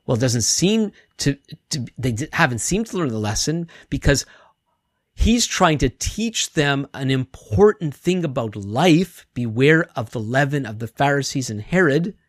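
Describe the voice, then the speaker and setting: A man's voice: mid-range voice, a little slow, no room sound, clean studio sound. A male pastor giving a conversational sermon, acting out quotes and often restarting words. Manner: conversational, animated, acts out quotes, repeats words.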